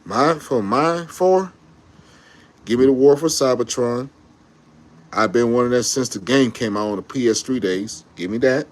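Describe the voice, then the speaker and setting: Excitable man ranting as a fan. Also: mid-range voice, moderate pace. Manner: excitable, slangy, rambling with self-corrections. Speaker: YouTube commentator. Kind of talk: casual fan rant to camera.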